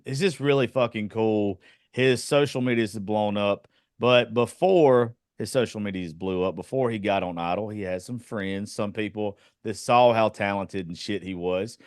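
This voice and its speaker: A man's voice: fairly low pitch, unhurried, clear, resonant tone, dry recording, studio quality. A man with a Southern American accent from South Georgia, hosting a podcast in a loose, profane, drawling way. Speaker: podcast host. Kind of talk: casual podcast chat.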